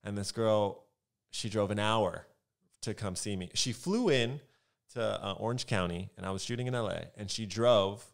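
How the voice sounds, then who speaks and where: A young American man, a photographer guest, chatting casually and telling animated stories in a podcast interview. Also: fairly low pitch, moderate pace, creaky. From United States. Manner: animated storytelling, acts out quoted voices.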